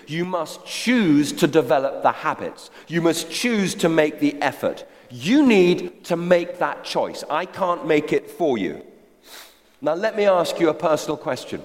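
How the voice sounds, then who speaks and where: A man preaching a sermon, exhorting his congregation directly with rhetorical questions. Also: a little high. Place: church hall. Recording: long reverb of a large hall.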